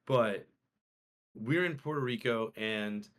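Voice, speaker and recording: A young man co-hosting a casual podcast, telling a story in an animated way and acting out the quotes with swearing. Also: medium pitch, takes it slowly. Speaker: podcast co-host.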